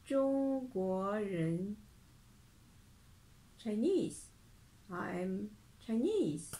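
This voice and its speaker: A woman teaching beginner Mandarin, speaking slowly and repeating each phrase with care. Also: mid-range voice, very animated, warm tone, a little hiss or hum, rough recording. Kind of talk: slow language lesson.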